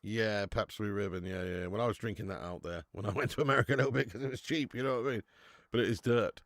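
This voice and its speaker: A man's voice: fairly low pitch, fast talker, fairly bright tone, dry recording, clean studio sound. A man with a British English accent hosting a live football watch-along, bantering, swearing and reading out viewer chat. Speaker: host.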